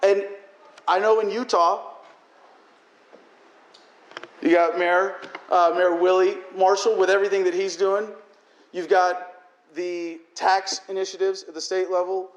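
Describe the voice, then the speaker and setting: A man's voice: high-pitched, little pitch movement, unhurried, long pauses, dull audio. Impassioned man ranting in an echoey hall. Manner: emotional, profane, ranting. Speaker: political speaker. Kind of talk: impassioned political speech.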